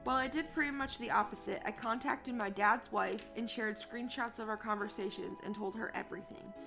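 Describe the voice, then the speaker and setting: A woman's voice: fairly high pitch, steady tone, fairly quick, gravelly, over music. A young woman co-hosting a podcast in casual chat, reading a post aloud and then swearing indignantly about it. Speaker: podcast co-host.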